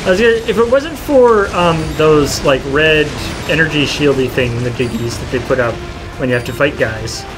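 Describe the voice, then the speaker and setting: A man's voice: fairly high pitch, lively intonation, moderate pace, rough recording. A man co-hosting a game stream in a casual, joking chat. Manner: joking, playful. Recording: game music behind the voice.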